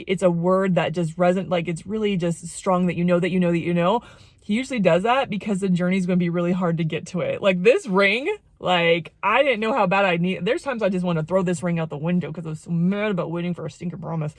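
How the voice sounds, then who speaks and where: A woman's voice: on the low side, no room sound, studio quality. A woman vlogger telling an emotional personal faith story, rambling and repeating her phrases. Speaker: jewelry vlogger and former missionary.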